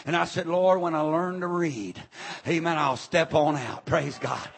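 Middle-aged male preacher, husky high voice, shouts between amens, rambling revival sermon. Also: measured pace.

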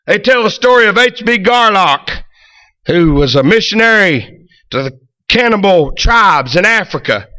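A man preaching a fervent revival sermon, dropping in amen and hallelujah and building up to shouts. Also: sits high, expressive, measured pace, dry recording. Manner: peppers lines with amen and hallelujah, rises to shouts.

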